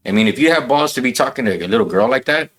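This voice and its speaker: A man's voice: mid-range voice, lively intonation, rapid-fire, a bit bright. A man telling a blunt, profane story in a casual podcast chat, saying "bro" a lot. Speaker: podcast guest.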